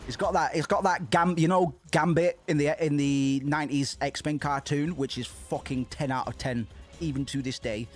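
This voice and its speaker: Excitable guy streaming a game. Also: fairly high pitch, moderate pace, faint music behind. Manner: excitable, swears, frequent restarts. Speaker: streamer playing through a game. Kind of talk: casual let's-play commentary. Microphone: desk microphone.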